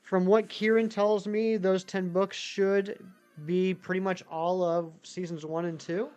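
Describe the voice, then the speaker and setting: A man's voice: high voice, flat delivery, unhurried, a little mellow, clean tone. A man live-streaming a game, chatting casually with viewers in a rambling way with many fillers.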